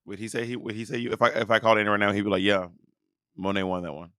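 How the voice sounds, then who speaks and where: Sassy, argumentative man, low voice. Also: fairly even intonation, racing, fairly bright tone, no room sound, clean studio sound. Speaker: podcast co-host. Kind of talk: casual chat.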